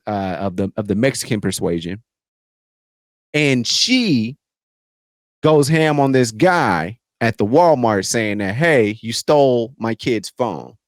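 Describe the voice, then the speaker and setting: A man co-hosting a casual podcast chat, animated, jumping from loud bursts to low mutters. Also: no room sound. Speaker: podcast co-host.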